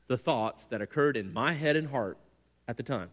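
A male pastor preaching a sermon in an animated, self-deprecating way, often acting out stories. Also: mid-range voice, normal speed, big-room sound.

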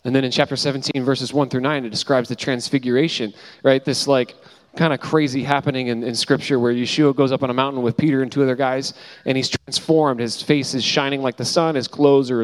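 A male preacher gives a sermon on a handheld mic in a hall with long reverb. He tells the story in a casual, lively way and acts out the characters' quoted lines. His voice sits at a middle pitch. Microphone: handheld mic, switched mid-talk. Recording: hall reverb from a live room.

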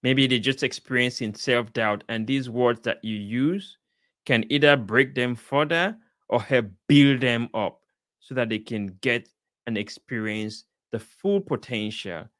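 A man delivers an inspirational talk in an unhurried, deliberate way, his pitch sitting in the ordinary middle range. The recording is dry and close, with no room sound. He speaks earnestly and encouragingly, repeating key points for weight. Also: a bit bright, dry recording. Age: adult, father of a young child. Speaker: speaker sharing life advice.

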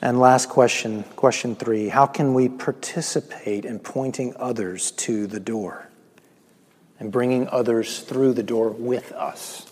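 A male pastor giving a sermon, swinging between loud emphatic lines and slow, hushed, near-whispered ones. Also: mid-range voice, steady tone, slightly rough. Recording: long echo of a large hall.

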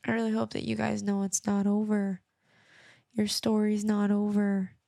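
A woman's voice: mid-range voice, completely flat delivery, normal speed, vocal fry, warm tone, no echo, studio quality. A young adult woman hosting her podcast, speaking earnestly and reassuringly about faith, often repeating phrases. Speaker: podcast host. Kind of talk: personal faith talk to listeners.

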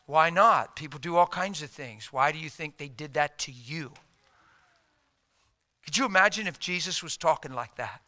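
Man preaching a sermon, with a high, bright voice and animated, humorous storytelling. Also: moderate pace.

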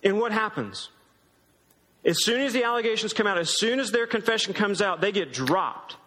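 High bright guy preaching, casual but emphatic, big echoey hall. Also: lively intonation, normal speed. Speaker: pastor. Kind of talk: sermon. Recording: long hall reverb.

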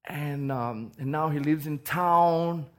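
A man preaching a sermon, telling a personal story, swinging between loud bursts and soft asides and often repeating words. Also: fairly high pitch, takes it slowly.

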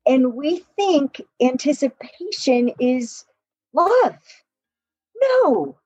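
A woman relationship coach telling stories in an animated way, laughing often and acting out quotes in a podcast conversation. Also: high voice, no echo, muffled recording.

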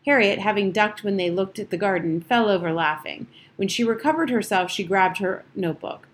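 A woman reading an audiobook chapter aloud in a measured, steady storytelling manner. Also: mid-range voice. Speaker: audiobook narrator. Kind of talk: audiobook narration.

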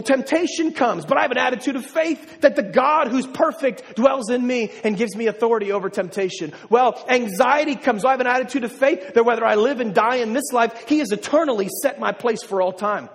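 A man's voice: very high-pitched, animated, a little fast, few pauses. A man preaching a sermon as a pastor, telling a personal story and building to emphatic declarations. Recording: long hall reverb.

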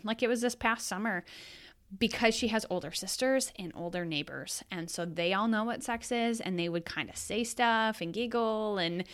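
A woman's voice: mid-range voice, fairly bright tone, clean tone. A woman in her thirties hosting a podcast as a mother, talking frankly and casually in a rambling monologue with self-corrections.

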